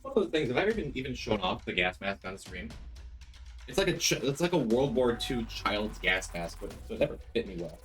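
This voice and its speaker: A male streamer chats casually and rambles through his stories. His pitch swings widely as he greets his viewers by name. Faint music plays in the background. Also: very animated, fairly quick, a bit bright. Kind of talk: casual chat on a game stream.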